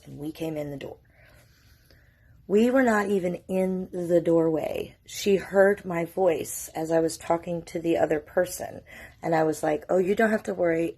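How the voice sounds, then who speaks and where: A woman's voice: on the low side, dark tone, breathy edge. A middle-aged woman, telling a personal story to camera in a candid, emotional, profane way. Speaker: mother telling her story.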